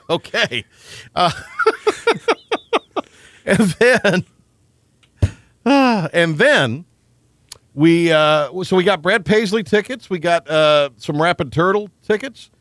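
A man with a high-sitting voice, recorded with no echo, hosts a sports talk radio show. He's animated and quick to joke, chatting casually with his co-host and often restarting his sentences.

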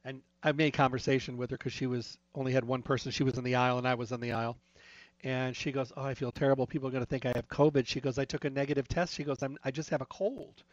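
A man's voice: medium pitch, steady tone, quick pace, no echo. A man chats casually about health, spinning anecdotes and acting out the back-and-forth of conversations. His voice sits in a middle range. The recording is dry and a little dull, like modest lo-fi gear. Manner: chatty, storytelling with retold dialogue. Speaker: health talk speaker. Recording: dry, slightly dull lo-fi sound.

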